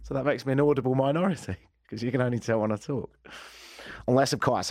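A man's voice: medium pitch, fast, a little mellow, no echo. A man hosting a comedic talk radio show, wry and joking, at a studio microphone. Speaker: radio host.

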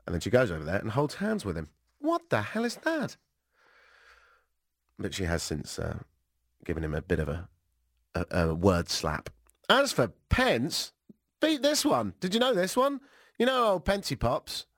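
A British man hosting a talk radio show, sarcastic and animated, jet-lagged. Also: on the low side, normal speed, no echo, studio quality. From Britain. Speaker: radio host.

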